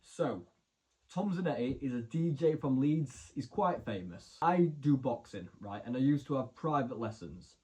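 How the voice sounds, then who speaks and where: A man's voice: medium pitch, animated, normal speed, mellow, slightly rough. A young man, casually telling rambling stories to camera, full of "so anyway" and "like". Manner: chatty, rambling, lots of "so anyway" and "like". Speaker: vlogger.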